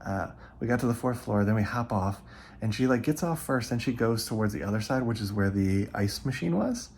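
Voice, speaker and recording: A man's voice: fairly low pitch, expressive, brisk, a little mellow. A man vlogging, casually telling a story to the camera and acting out what people said. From California. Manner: chatty, retells events with quoted asides. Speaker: travel vlogger.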